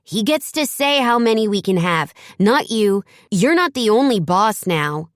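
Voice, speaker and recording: In a clean, dry studio recording, a woman voices a defiant, cheeky young boy. Her mid-range delivery is expressive and unhurried, pitched above her natural voice yet close to an everyday sound.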